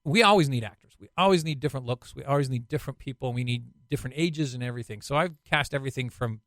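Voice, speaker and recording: A man, a casting director guest, giving animated, conversational advice and acting out little quotes. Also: medium pitch, fast, no echo. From Utah.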